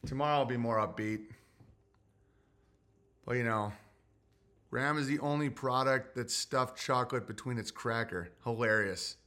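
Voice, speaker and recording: A man's voice: medium pitch, moderate pace, long pauses, bright, forceful tone. A man hosting a solo livestream, reading super chats in a grumpy, sarcastic ranting way.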